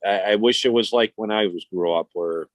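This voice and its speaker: A man's voice: on the low side, normal speed, no room sound. A man, telling stories in casual, profane, rambling chat as a podcast host. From Chicago. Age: 50s.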